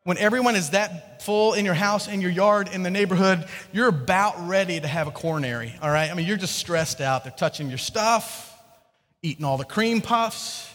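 Animated male preacher in a reverberant hall. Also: high-pitched, normal speed. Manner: animated storytelling, acting out characters. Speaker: pastor. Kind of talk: sermon.

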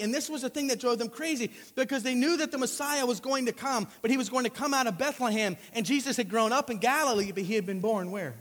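Very high-voiced preaching man. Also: fast talker, few pauses, big-room sound. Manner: animated, joking storyteller. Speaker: pastor. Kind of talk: sermon with storytelling.

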